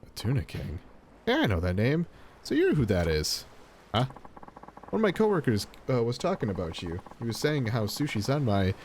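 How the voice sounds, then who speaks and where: A man's voice: medium pitch, wildly swooping pitch, normal speed, a little mellow, slight background noise. A man reading out a reserved, polite middle-aged ex-gangster from a video game with modest, understated replies. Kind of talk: reading game dialogue aloud.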